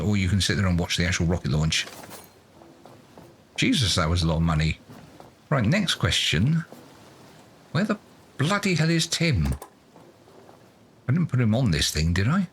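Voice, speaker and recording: A man's voice: sits low, fairly bright tone, a little hiss or hum. A man doing let's play commentary, muttering to himself in a self-mocking, exasperated way. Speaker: gaming YouTuber.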